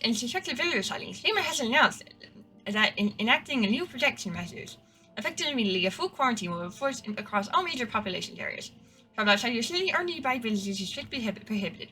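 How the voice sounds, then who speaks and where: A woman's voice: fairly high pitch, pushed and bright, voice pushed up, low-quality recording. A woman playing a TV news anchor reading emergency bulletins in a formal broadcast delivery. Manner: formal broadcast delivery, stumbles over words.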